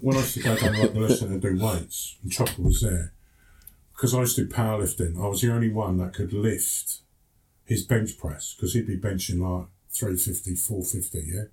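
Cockney man, low voice, a bit far from the mic, chatty storyteller. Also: a little fast, darkish tone. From England. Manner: chatty, tag questions like "yeah?". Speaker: podcast guest. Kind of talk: casual chat, storytelling. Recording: from a distance.

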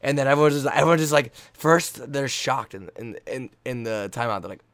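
A young man, a college volleyball player, telling a game story in a casual, hyped way, laughing often and acting out his own yelling. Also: mid-range voice, expressive, brisk, clean tone, no room sound.

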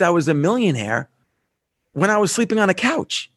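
A man's voice: sits high, normal speed, no room sound. A man telling a story as a podcast guest, acting out the dialogue with animation. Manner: animated storyteller who acts out quoted dialogue.

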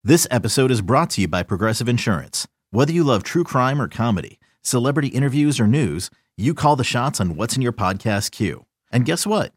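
Smooth male ad announcer. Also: medium pitch, lively intonation, brisk, hardly any pauses, dry recording, clean studio sound. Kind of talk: read insurance ad.

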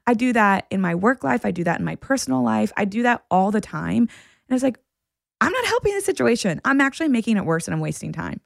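Woman podcast co-host, reflective storyteller, gravelly tone. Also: medium pitch, lively intonation, fast talker, no room sound, clean studio sound. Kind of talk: casual chat.

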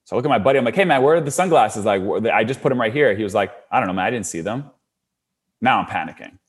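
A man's voice: on the low side, expressive, rapid-fire, slightly rough. A young adult man casually telling a long personal story, with lots of "like" fillers and his voice rising when he gets worked up. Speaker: storyteller guest.

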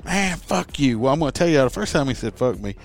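A man's voice: medium pitch, rapid-fire. A middle-aged man, a former police officer, telling a profane story on a podcast in casual chat and acting out both sides of the argument. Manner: profane, animated, acts out both sides of the exchange.

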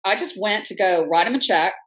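A woman's voice: mid-range voice, brisk, rough recording. A woman in her fifties talks as a podcast guest, her voice sitting in an ordinary middle register. She tells her story with energy and candor, slipping into other people's lines as she quotes them. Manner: animated, acts out quoted speech, frank. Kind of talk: conversational storytelling.

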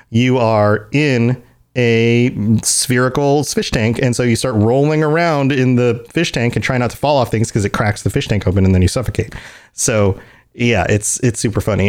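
A man co-hosting a casual gaming podcast, talking in a relaxed, rambling way with plenty of fillers. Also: mid-range voice. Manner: laid-back, chatty storyteller with lots of fillers. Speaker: podcast co-host. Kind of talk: casual chat.

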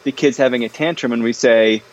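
An animated man chats through an interview, tumbling over fillers and restarts as he warms to his points. His voice sits at an ordinary pitch. The recording sounds a bit dull and lo-fi. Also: a little fast, a little hiss or hum. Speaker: guest, parenting author. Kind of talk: casual interview conversation.

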